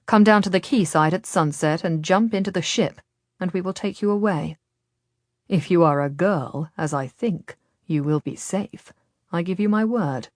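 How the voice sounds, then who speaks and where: A woman voicing a smooth, persuasive Ottoman nobleman who speaks quietly and gently in an audiobook. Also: fairly low pitch, moderate pace, no echo, clean studio sound, close to an everyday voice. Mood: coaxing, ominous.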